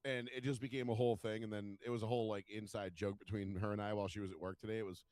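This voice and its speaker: A man's voice: fairly low pitch, steady tone, rapid-fire, a little mellow, no room sound. A man, telling stories in casual podcast chat and swearing freely. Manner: storytelling, swears freely, acts out quotes. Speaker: podcast co-host.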